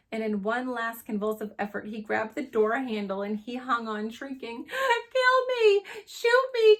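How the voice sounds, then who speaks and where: A teacher reading a chapter book aloud to young children, with expressive storytelling. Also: female voice, mid-range voice.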